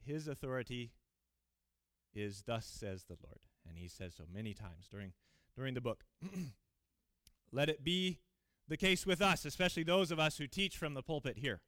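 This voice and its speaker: A man's voice: medium pitch, moderate pace, fairly bright tone, dry recording, clean studio sound. A man preaching a sermon in church, reading scripture aloud and explaining it in an earnest, emphatic way with frequent fillers and restarts.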